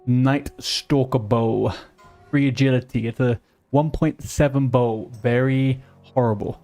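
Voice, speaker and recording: A man's voice: mid-range voice, fairly even intonation, unhurried, warm tone, faint music behind. A man streaming a video game live, chatting casually with teammates and viewers, joking and grumbling at the game. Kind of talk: casual live-stream chat while gaming.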